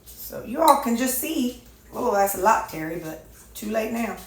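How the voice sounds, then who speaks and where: A woman's voice: a little high, expressive, normal speed. A woman chatting casually in a folksy, rambling way, with a stuffy, runny nose. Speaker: weight-loss vlogger. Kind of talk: casual chat. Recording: echoey room, faint noise.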